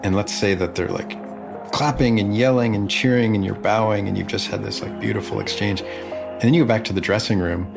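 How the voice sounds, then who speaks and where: A man with a low voice and a gravelly, fry-laden edge speaks in casual conversation. He tells his story with lively energy, tumbling through restarts and fillers. Soft music plays faintly in the background. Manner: animated, talks fast with many fillers and restarts.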